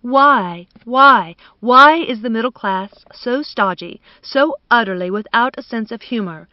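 A woman's voice: on the high side, expressive, measured pace, dry recording, dull audio. A woman voicing a flamboyant society woman who gushes in effusive, drawling exclamations. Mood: gushing.

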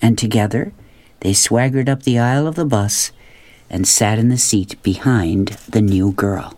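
A man's voice: fairly low pitch, a little slow, darkish tone, no echo. Man reading a storybook aloud, dry. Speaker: narrator.

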